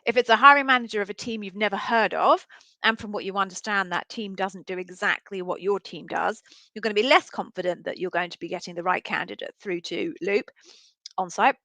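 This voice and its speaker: A woman's voice: medium pitch, a little fast, pushed and bright. A woman with a mid-range voice gives interview coaching advice on a live session. She talks frankly and plainly, and her dry, close sound carries no room echo. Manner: frank, explanatory, conversational.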